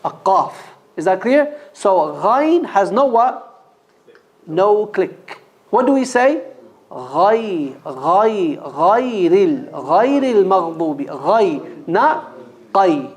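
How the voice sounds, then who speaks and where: A man's voice: high voice, big pitch swings. A man teaching Quran reading at a mosque, drilling letter sounds and quizzing his class with short questions. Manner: slow, patient drilling with quiz questions to the class. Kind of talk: call-and-repeat pronunciation lesson.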